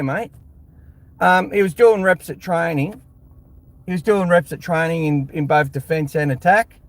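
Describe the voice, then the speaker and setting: A man's voice: a little high, unhurried, no room sound. An Australian man hosting a live fan show, ranting bluntly and heatedly with lots of swearing.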